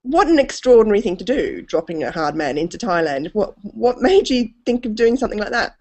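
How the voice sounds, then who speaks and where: A woman's voice: medium pitch, very animated, brisk, darkish tone. A woman interviewing an author over a video call, asking questions with enthusiasm. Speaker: festival interviewer.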